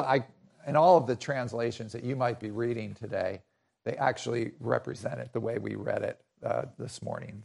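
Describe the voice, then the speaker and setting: Male preacher, mid pitch with gravel in it, conversational sermon delivery with frequent restarts. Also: a little mellow. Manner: conversational, restarts and repeats phrases.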